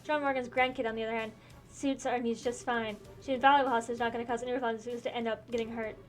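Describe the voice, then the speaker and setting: A woman puts on a scornful male soldier villain from a game, talking with open menace. The voice stays fairly high and the lines come fast. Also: flat delivery, soft background music, lightly acted. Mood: sneering. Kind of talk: reading game dialogue aloud.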